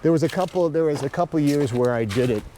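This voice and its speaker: A man's voice: fairly high pitch, quick pace, warm tone, a little hiss or hum. A man chatting as a guest while hiking an outdoor trail, wry and self-deprecating. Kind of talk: casual chat on a hike.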